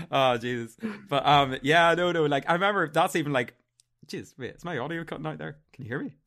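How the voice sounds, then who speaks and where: A man's voice: a little high, fast, a bit bright. A young man with a Northern Irish accent hosting a podcast, rambling casually through fillers and restarts and giggling. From Northern Ireland. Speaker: podcast host.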